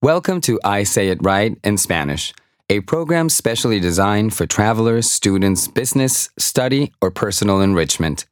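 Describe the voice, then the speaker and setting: A man narrating a language course, speaking slowly and carefully so listeners can repeat after him. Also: on the low side, animated, dry recording, studio quality. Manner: slow, carefully enunciated, prompting repetition. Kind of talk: scripted instructional narration.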